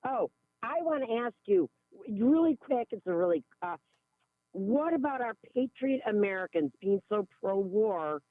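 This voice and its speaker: Excitable woman caller on a tinny phone. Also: mid-range voice, unhurried, no echo. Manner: excitable and giggly, bursts of exclamations. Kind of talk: call-in radio chat. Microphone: telephone.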